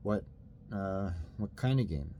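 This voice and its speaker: A man voicing a frightened young boy lost in the dark, pleading and shouting for help. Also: low voice, animated, slow pace, slight background noise, heavily acted. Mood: wary.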